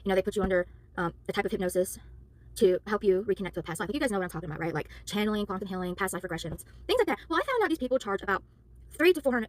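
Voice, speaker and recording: A tired, worn-out woman who works as a spiritual worker and tarot reader, ranting to camera in a heated, exasperated way and apologizing for yelling. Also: mid-range voice, sing-song, rapid-fire, dry recording.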